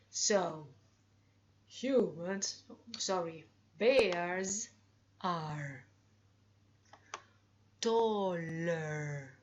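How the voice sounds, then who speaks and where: A woman's voice: medium pitch, fairly bright tone, highs cut off, slight background noise. A woman teaching English comparatives, drawing out her examples and cheerfully prompting her students. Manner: slow, drawn-out examples with upbeat prompts. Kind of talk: grammar lesson.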